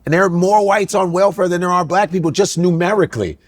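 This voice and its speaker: A middle-aged man co-hosting a podcast, talking in an animated, ranting way with incredulous outbursts. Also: high-pitched, fast talker. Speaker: podcast co-host. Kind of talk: casual comedic chat.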